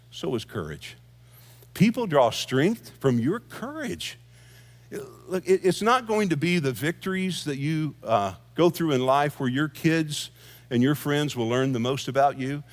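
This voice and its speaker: A middle-aged male pastor preaching a sermon, telling it like a story to the congregation. His voice sits a bit high for a man. He mixes scripture with casual asides and chuckles. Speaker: senior pastor.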